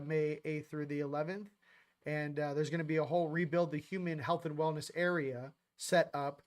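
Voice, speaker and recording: Male live-stream host, slightly high voice, loose, upbeat, rambling chat with shout-outs.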